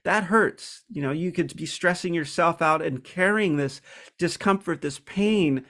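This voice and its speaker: A man's voice: fairly high pitch, a little slow, a bit bright. A man hosting a self-help video, talking through a personal topic in a casual, reflective way, candid and hesitant, with many ums and restarts.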